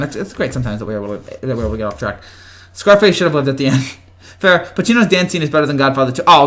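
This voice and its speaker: Rambling man chatting at home, slightly high. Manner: rambling, with frequent restarts and chuckles; talks quietly to avoid waking family. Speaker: host. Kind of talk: casual live chat answering viewer comments.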